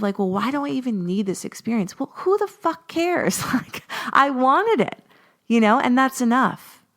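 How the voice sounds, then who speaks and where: A woman's voice: mid-range voice, vocal fry, a bit bright. A woman in her forties hosting a podcast, chatting casually and animatedly as she tells a personal story and acts out her own past words. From Los Angeles. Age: 40s. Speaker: podcast host.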